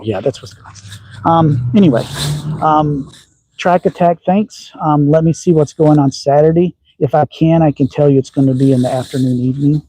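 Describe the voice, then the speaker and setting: A man's voice: a little high, moderate pace, mellow, husky, rough recording. A middle-aged man from Texas with a slight Southern accent, chatting casually and folksily on a livestream from his backyard shooting range. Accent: slight Southern with a touch of upper Midwest. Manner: folksy and rambling, with frequent ums. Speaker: slingshot channel host.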